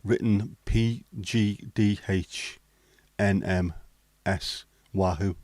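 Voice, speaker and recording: A man's voice: low-pitched, steady tone, extremely slow, darkish tone, no echo. A man from England hosting a livestream, reading out the chat with blunt, sweary banter. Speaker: livestream host. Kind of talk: casual live chat reading the chat.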